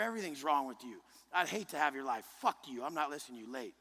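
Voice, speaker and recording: Man, motivational speech, blunt and profane, forceful sharp voice, shouts at times, long hall reverb. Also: fairly high pitch, lively intonation, quick pace, few pauses. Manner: intense, blunt and heavily profane; forceful, often rising to a shout. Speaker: motivational speaker. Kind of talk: motivational speech to a live group. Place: large indoor event room.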